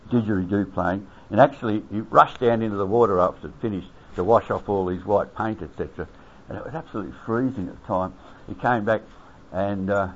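Older Australian veteran, low-voiced yarn-spinner who chuckles and voices the people in his story, dull lo-fi recording. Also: slight background noise. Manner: chuckling, acts out quoted voices, lots of fillers. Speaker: army veteran telling an anecdote. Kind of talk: rambling spoken anecdote.

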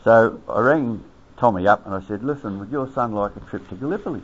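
Older Australian man, low chuckling storyteller. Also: a little fast, a little hiss or hum. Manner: chuckling, acts out quoted voices, lots of fillers. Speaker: army veteran telling an anecdote. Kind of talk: rambling spoken anecdote. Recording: dull lo-fi recording.

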